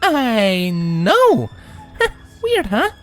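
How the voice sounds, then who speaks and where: A man voicing an eager, bookish adult female pony princess who talks in an excitable, chirpy way. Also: very high voice, a little slow, faint music behind, voice pushed up, exaggerated voice. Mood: sheepish.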